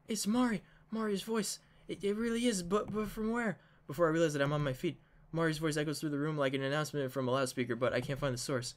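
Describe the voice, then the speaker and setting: A man's voice: fairly high pitch, fairly even intonation, fast talker. A man reading a visual novel aloud in a dramatic way, slipping in joking asides. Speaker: game narrator.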